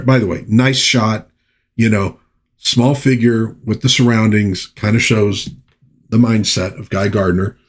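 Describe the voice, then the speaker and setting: A man's voice: fairly low pitch, breathy edge. A man hosting a comic book review show who narrates the story casually, reads panel dialogue aloud and breaks off for chatty asides. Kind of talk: casual commentary.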